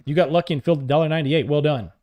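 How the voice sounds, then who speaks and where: A man's voice: a little high, racing, warm tone. A man on a live trading stream, calling out prices, coaxing the market and joking with chat. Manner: talks to the market and reads chat aloud, joking and upbeat.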